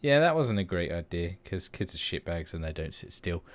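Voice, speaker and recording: A man in his thirties with a fairly low voice co-hosts a podcast. He rambles through his week in a relaxed way, swearing freely and laughing often. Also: normal speed. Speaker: podcast co-host. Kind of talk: casual chat.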